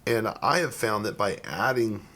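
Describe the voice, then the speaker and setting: A man's voice: lowish voice, expressive, normal speed, pushed and bright. A man talking as an ER physician co-hosting a podcast, rambling and restarting his sentences often in casual conversation.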